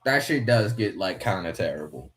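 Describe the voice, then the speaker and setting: A man's voice: sits low, very animated, moderate pace, fairly bright tone. A young man from West Virginia rambling casually as a host while watching fights, swearing freely and talking to himself.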